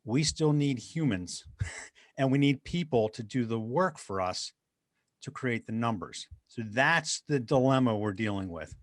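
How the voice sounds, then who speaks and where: A man's voice: mid-range voice, expressive, unhurried, no echo, studio quality. Earnest middle-aged man telling stories. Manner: earnest, anecdotal, addresses host by name. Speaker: guest, motivational speaker. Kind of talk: conversational interview storytelling.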